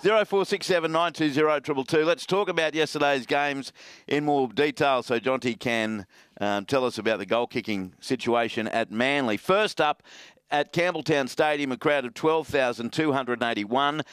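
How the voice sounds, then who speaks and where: A man's voice: medium pitch, moderate pace, clean tone, no room sound. A playful man hosts a rugby league radio show, needling his co-hosts and moving between results and banter. His voice sits in the middle range and sounds dry and close to the mic. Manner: playful, teasing, animated. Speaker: radio sports show host.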